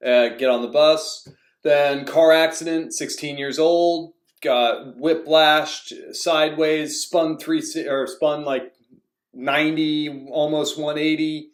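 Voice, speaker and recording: A young man talks through his past casually, circling back with plenty of fillers and false starts. His voice sits at an ordinary middle pitch. The room around him rings with noticeable echo. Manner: rambling, many fillers and restarts. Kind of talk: casual storytelling. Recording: echoey room.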